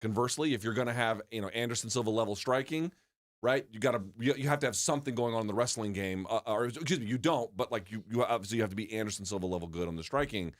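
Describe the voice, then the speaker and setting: A man's voice: lowish voice, fast. A man co-hosting a sports show, talking in an opinionated, emphatic way with many restarts. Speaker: podcast co-host. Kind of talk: casual sports debate.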